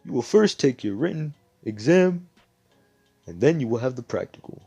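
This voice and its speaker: A man voicing a loud, excitable male exam announcer with a showy, hyped way of announcing. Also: mid-range voice, moderate pace, gravelly, breathy edge, no echo, dull audio, faint music behind, voice pushed up, heavily acted. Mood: upbeat.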